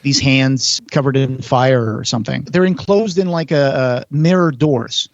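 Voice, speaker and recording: A man's voice: medium pitch, unhurried, vocal fry, no echo, lo-fi sound. Man retelling a movie on a podcast. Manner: retells film scenes in detail, acts out quotes. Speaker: podcast host. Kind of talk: casual podcast chat.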